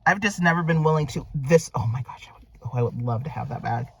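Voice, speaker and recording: A middle-aged woman chatting casually to her viewers as she unboxes a package, gushing and excitable. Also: low-pitched, fast, slightly rough. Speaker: vlogger. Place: at a private mailbox.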